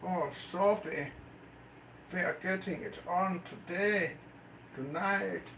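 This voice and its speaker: A man's voice: sits high, slow, vocal fry, fairly bright tone. A man from Canada live-streaming from a room with his pet snakes, bantering playfully with his chat in a casual, joking way. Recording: roomy, echoey room with faint noise.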